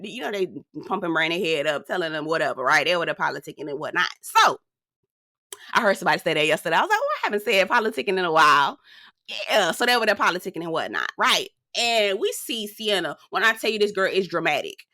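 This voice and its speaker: Sassy bright-voiced woman recapping TV. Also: on the low side, no echo, studio quality. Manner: sassy, animated, talks straight to viewers. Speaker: reality TV recap host. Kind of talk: casual chatty recap.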